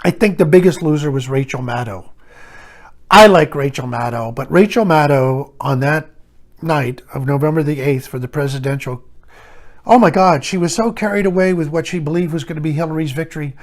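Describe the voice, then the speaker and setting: An older man giving a blunt, sarcastic opinion monologue to camera, scoffing at the year's trends. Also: fairly quick. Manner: mocking voices of others in raised pitch. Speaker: commentary vlogger.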